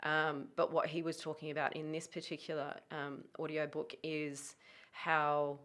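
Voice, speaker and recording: A woman who talks about dog training in a casual podcast chat, emphatic and full of quick self-corrections. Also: sits low, flat delivery, fairly bright tone.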